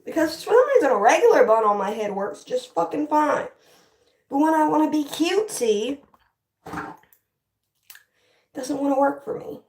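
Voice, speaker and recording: A woman's voice: high voice, lively intonation, moderate pace, darkish tone, far from the mic. Frustrated young woman, echoey and off-mic. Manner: frustrated, swearing, talking to viewers. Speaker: livestream host. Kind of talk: casual livestream chat while styling hair.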